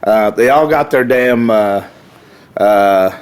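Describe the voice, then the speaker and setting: A man's voice: lowish voice, takes it slowly, smooth. Rowdy, profane man telling stories. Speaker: podcast guest, wrestler. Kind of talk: casual storytelling.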